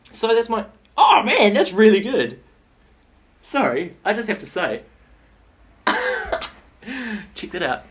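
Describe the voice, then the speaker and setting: Young male vlogger; loose, playful comic storytelling with a somewhat high pitch. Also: slow, long pauses. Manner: rambling, playful, animated retelling.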